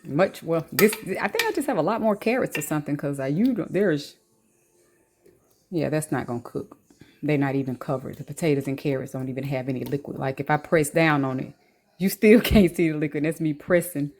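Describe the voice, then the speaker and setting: A woman with a slightly low voice talks her viewers through a recipe in a home kitchen. She is chatty and relaxed, with slangy asides, recorded on her phone. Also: brisk. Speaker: cooking vlogger. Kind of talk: casual cooking vlog chat. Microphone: phone camera.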